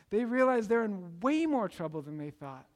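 A man preaching a sermon, retelling a Bible story with animated storytelling and acting out the voices of its characters. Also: high voice, normal speed. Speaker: pastor. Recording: long hall reverb.

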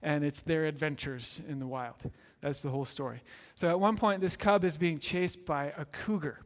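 Male preacher, high voice, earnest sermon storyteller, long hall echo. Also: moderate pace. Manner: earnest storytelling, builds to excited peaks.

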